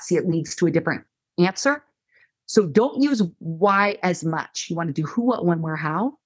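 A middle-aged woman counselor explaining listening skills in conversation, animated and acting out example dialogues. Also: fairly low pitch, moderate pace, slightly rough. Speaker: counselor and guest. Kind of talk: conversational teaching.

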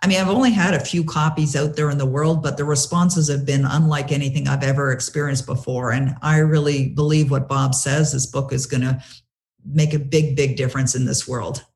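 A woman's voice: a bass voice, a little fast. A woman, a guest author, telling a story in an interview and eagerly retelling what people said to her. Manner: animated, retells conversations with lively quoting; many fillers and restarts.

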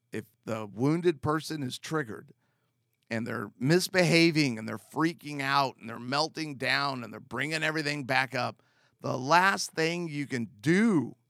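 Slow, gravelly man giving marriage advice. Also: mid-range voice, no echo, studio quality. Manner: calm, earnest and direct, with repeated emphatic phrases. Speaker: marriage counselor. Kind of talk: advice talk to camera.

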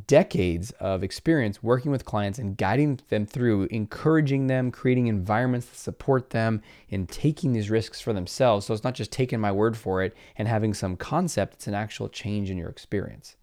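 A man's voice: lowish voice, moderate pace, warm tone. A man hosting a podcast, talking earnestly in a coaching tone and acting out the voices of people he quotes. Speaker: podcast host. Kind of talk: motivational podcast talk.

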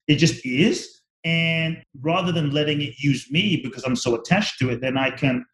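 A man in his forties talking slowly and reflectively about the ego in a spiritual conversation, often repeating words as he thinks. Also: fairly high pitch, fairly bright tone, echoey room, rough recording. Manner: slow, searching, repeats words while thinking.

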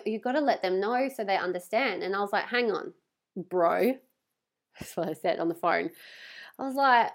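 A young woman hosting a podcast, talking candidly and animatedly, swearing freely and acting out what people said, her nose stuffy from crying. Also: fairly high pitch. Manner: candid, sweary, animated retelling with voiced quotes. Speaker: podcast host. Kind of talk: casual personal monologue.

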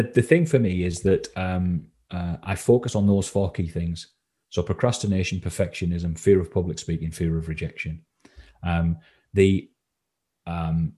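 An English confidence coach, a guest on a podcast, speaks in a low-pitched, warm, slightly rough voice. He talks casually and hesitantly, with lots of ums and restarts.

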